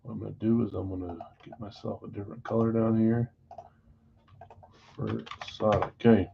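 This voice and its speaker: A man's voice: fairly low pitch, level tone, normal speed, vocal fry, highs cut off, slight background noise. A man hosting a live stream, casually reading off trades and talking to buyers in a scattered, self-deprecating way. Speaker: card break host.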